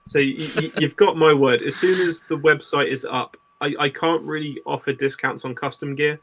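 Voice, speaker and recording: A man's voice: fairly high pitch, steady tone, moderate pace, a bit bright, low-quality recording. A man being interviewed on a podcast, explaining his custom kit work in a practical, rambling way with restarts. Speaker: guest gear maker.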